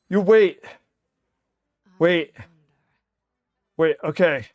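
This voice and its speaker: A man streaming a card game live, chatting casually to viewers and reacting loudly, with swearing and groans that swing up into shouts. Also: high voice, animated, very slow, long pauses.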